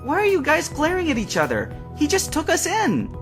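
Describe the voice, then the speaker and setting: A man's voice: very high voice, wildly swooping pitch, fairly quick, music in the background, pitched above the performer's own voice, heavily acted. A man reading a storybook voices an indignant, exasperated teenage girl who scolds sharply. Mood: nervous.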